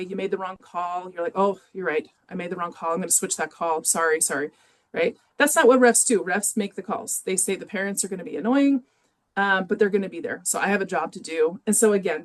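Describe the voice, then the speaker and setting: A woman leads a teaching webinar in a relaxed, conversational way. She talks at a middling pitch, often pausing on small fillers as she works through examples. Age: adult with children in youth sports. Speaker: webinar presenter. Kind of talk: educational webinar talk.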